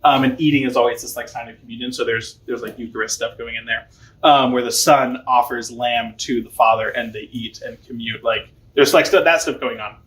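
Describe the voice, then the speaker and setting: A man's voice: mid-range voice, steady tone, a little fast, fairly bright tone, roomy sound. A young man teaching a catechism class in a chatty, informal way, full of fillers and light laughter. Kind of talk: casual teaching.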